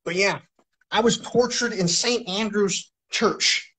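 A man with a fairly high voice hosts his own live stream and talks on at length. His delivery is agitated and full of swearing. He loops back and repeats phrases as he goes. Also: slow pace, bright, forceful tone. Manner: profane, agitated, repeats himself. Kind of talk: rambling live-stream monologue.

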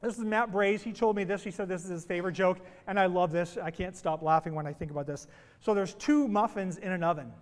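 A high-pitched male pastor delivers a sermon in a church sanctuary, his voice trailing off into a long hall reverb. He tells jokes in a playful, animated way before he starts preaching. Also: fast talker. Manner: playful, animated joke-telling.

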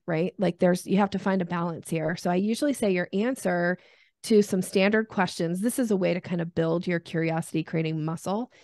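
A woman's voice: medium pitch, creaky, no room sound, clean studio sound. A middle-aged woman, a sales expert guest, talking casually in an interview and acting out little voices in her examples. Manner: animated, acts out voices in examples.

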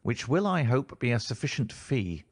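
A man's voice: mid-range voice, very animated, normal speed, breathy edge, dry recording, studio quality. A man reading as a giggling sinister kidnapper. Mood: menacing.

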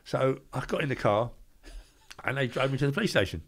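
An older man with a London accent telling lively stories as an interview guest, acting out the voices of people he quotes and laughing at his own tales. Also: medium pitch, brisk, gravelly, slightly rough. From England. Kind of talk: anecdotal storytelling.

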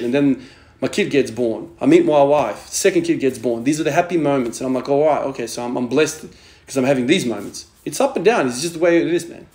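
Speaking in a slightly high, somewhat mellow voice, a man in his thirties who vlogs about strength training gives a blunt, emphatic motivational monologue. He swears freely and keeps punctuating points with "man," and the room sounds echoey.

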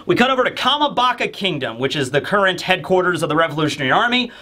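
A man's voice: high voice, sing-song, quick pace, pushed and bright. A man hosting a casual manga chapter review, rambling and chatty with many fillers.

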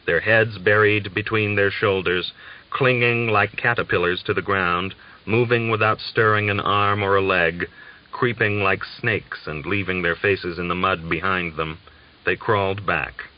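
A man with a low voice reads a novel aloud in a measured, steady audiobook narration. The sound is dull and lo-fi.

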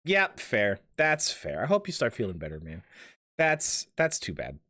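Man, live game streamer: jokey, rambling, very lively pitch. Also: measured pace, dry recording, clean studio sound. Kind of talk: live gameplay commentary.

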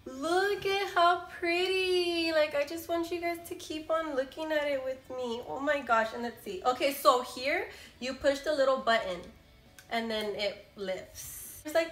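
Gushing high-voiced woman vlogger. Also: normal speed. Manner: gushing, excitable, talks to viewers directly. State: sounds a bit sick. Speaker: beauty vlogger. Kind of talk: unboxing first impressions. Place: room at home with a window. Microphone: camera mic. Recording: echoey room, faint background music.

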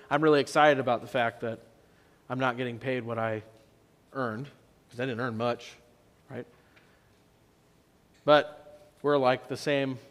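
A man preaching a sermon as pastor, telling the story in a conversational way and swinging between loud and soft for emphasis. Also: mid-range voice, clean tone. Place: church sanctuary. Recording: long church reverb.

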